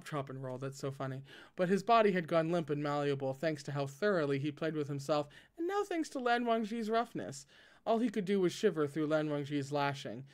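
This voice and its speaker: A man hosting a casual read-aloud of a novel, often breaking off the text for wry, joking commentary. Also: high-pitched. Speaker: host reading a novel aloud.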